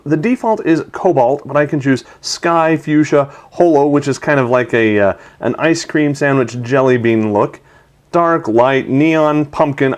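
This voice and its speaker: A man hosting a tech video, narrating a product demo in an enthusiastic, chatty way. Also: medium pitch.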